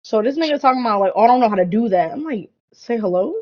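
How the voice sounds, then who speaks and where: A woman's voice: a little high, very fast. Young woman cussing her way through a crazy story on a podcast, kinda muffled lo-fi audio. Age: young adult. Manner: animated, slangy, heavy swearing, lots of "like" and "bro". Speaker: podcast co-host. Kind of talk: casual storytelling chat.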